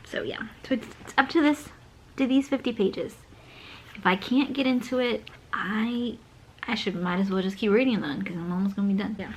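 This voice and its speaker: A woman's voice: mid-range voice, normal speed, slight background noise. Chatty young woman, rambling with "like". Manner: chatty, rambling, fills speech with "like". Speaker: book vlogger. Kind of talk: casual reading vlog chat.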